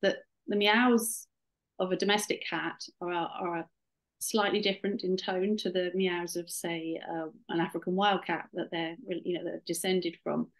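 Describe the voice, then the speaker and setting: A woman's voice: fairly low pitch, level tone, measured pace, low-quality recording. A middle-aged woman, an author and scientist, talking casually over a video call with many restarts. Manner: chatty, warm, many restarts and "you know". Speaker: author and cat behaviour scientist, guest. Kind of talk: webinar interview.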